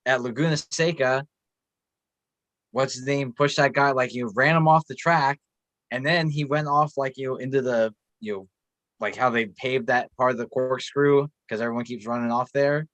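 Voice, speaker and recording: A man's voice: medium pitch, normal speed, a bit bright, no room sound. A man co-hosting a casual podcast chat, telling stories in a laid-back way. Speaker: podcast co-host.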